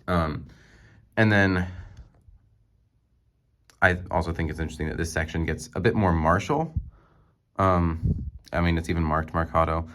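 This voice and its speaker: A man's voice: low voice, normal speed, pauses often, fairly bright tone. A young man, a music student, giving a class presentation on a song, hesitant and full of ums and restarts, recorded on a phone. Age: young adult.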